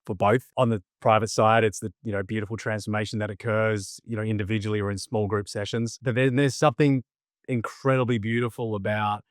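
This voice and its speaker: A man's voice: on the low side, little pitch movement, fairly quick, dry recording, studio quality. A young adult man, a speaker and coach, talking as a podcast guest in a reflective, earnest way and often restarting his phrases. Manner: reflective, earnest, repeats himself while thinking. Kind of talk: conversational interview.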